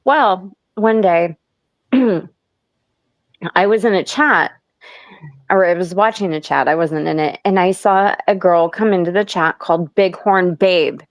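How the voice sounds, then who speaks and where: A woman's voice: fairly low pitch, measured pace, no echo. A woman telling a long gossip story in casual chat, rambling and laughing often between lines.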